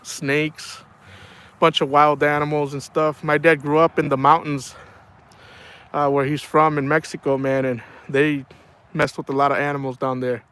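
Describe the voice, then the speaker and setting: A man's voice: a little high, level tone, moderate pace, a bit bright, smooth. A middle-aged man chatting casually on a livestream, telling rambling stories and saying "man" a lot. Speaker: livestream host.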